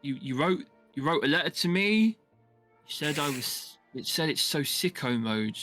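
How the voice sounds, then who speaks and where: A man's voice: fairly high pitch, expressive, moderate pace, sharp tone, soft background music, voice pushed up. A lovestruck young man trips over every word, as a man puts him on for a tabletop game. He stammers and repeats himself in a raised, jittery voice. He sounds flustered and sweaty. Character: nervous young man stammering at his crush.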